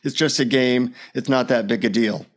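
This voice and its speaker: A man, a podcast guest on a remote call, tells animated anecdotes in a casual way. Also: medium pitch, normal speed. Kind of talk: casual storytelling interview.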